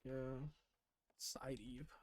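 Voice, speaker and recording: A man's voice: medium pitch, level tone, very slow, slight background noise. A man chatting casually and swearing freely while streaming a game, laughing often and muttering to himself as he plays. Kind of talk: casual live-stream chat while playing.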